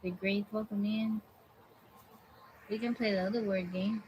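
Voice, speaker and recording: A woman hosting a casual live stream, chatting with viewers and greeting them by name, recorded on a phone in a quiet room at home. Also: medium pitch, steady tone, unhurried, muffled recording, slight background noise. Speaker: livestream host.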